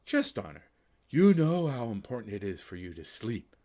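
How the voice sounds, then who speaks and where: A man voicing a ghostly woman's face in an orb who speaks softly and gently scolds. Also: on the low side, big pitch swings, moderate pace. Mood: scolding.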